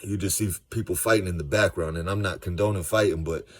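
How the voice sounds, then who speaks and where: A man from Georgia, giving a casual, animated fan recap of a football game. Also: deep voice, quick pace, no room sound. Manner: animated, slangy, storytelling. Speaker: sports fan vlogger.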